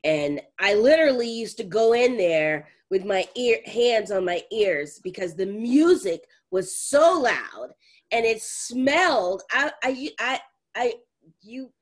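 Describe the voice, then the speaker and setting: A woman's voice: on the high side, takes it slowly. A middle-aged woman co-hosting a podcast, telling stories in a casual chat with lots of laughter. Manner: animated, laughs heartily while telling stories.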